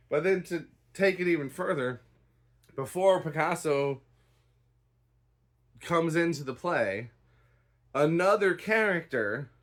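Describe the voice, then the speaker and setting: A man's voice: medium pitch, fairly bright tone. A man giving a casual spoken review of a stage play, rambling and hedging with a dry, unimpressed tone. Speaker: theatre reviewer.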